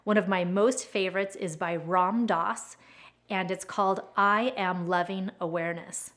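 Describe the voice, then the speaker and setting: A woman's voice: mid-range voice, steady tone, unhurried, fairly bright tone. A woman giving an earnest, encouraging self-help talk about her own growth, in a reflective way.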